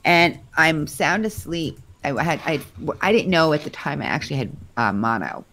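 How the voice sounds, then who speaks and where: A woman guest telling her own story in a live chat, rambling and correcting herself, lively when she quotes others. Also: sits low, moderate pace, slight background noise.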